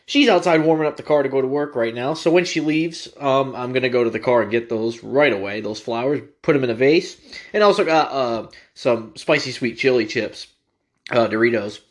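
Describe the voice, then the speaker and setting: A man's voice: medium pitch, brisk. A young man hosting a casual solo podcast, rambling with lots of fillers. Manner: rambling, many ums and uhs, informal. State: clearing his throat after eating. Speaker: podcast host.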